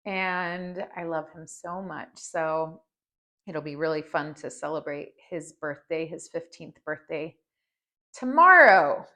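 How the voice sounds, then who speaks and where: A woman's voice: low voice, flat delivery. A woman in her forties hosting a personal podcast, talking in a heartfelt, earnest way. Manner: heartfelt and earnest, speaks slowly. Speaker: podcast host. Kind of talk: personal reflective podcast talk.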